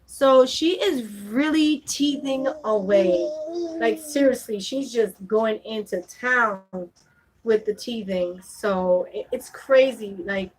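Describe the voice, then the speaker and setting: High-voiced woman chatting to her baby. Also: poor audio. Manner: coaxing baby talk mixed with chatty asides to viewers. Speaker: vlogger and mother. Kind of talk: casual home vlog chat.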